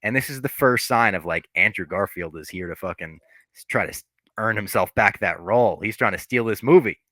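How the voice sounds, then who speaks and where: Deep-voiced man recapping a movie. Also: brisk, dry recording. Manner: animated, profane, retelling scenes with quoted lines. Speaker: podcast host. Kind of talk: casual podcast movie recap.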